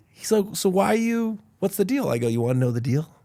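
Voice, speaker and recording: Animated man telling stories. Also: a little high, fast, creaky, hardly any pauses. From Idaho, USA. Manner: animated storyteller, acts out quotes. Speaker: podcast guest. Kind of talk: casual podcast storytelling.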